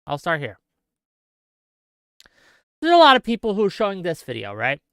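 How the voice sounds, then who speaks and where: A man reacting to video clips as an online commentator, upset, emphatic and halting, often repeating himself. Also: high voice, wildly swooping pitch, vocal fry, fairly bright tone, clean tone, dry recording, clean studio sound.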